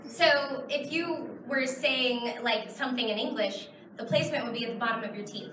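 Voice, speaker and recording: A woman's voice: fairly high pitch, normal speed, hardly any pauses, echoey room, far from the mic, noisy background. A woman in her thirties from Texas, answering audience questions at a convention panel in a chatty, rambling way. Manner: chatty, explains with many fillers. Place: large convention hall. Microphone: far camera in the audience.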